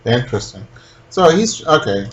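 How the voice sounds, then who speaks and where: A man's voice: mid-range voice, very animated, normal speed, rough recording. A man co-hosting a podcast in casual chat, summing up the action with wry, joking asides. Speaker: podcast co-host.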